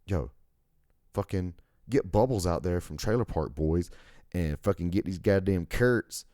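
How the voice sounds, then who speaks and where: A man's voice: deep voice, expressive, unhurried, warm tone, no echo, clean studio sound. A young American man hosting a podcast alone, rambling and ranting with heavy profanity. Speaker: podcast host. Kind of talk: casual solo monologue.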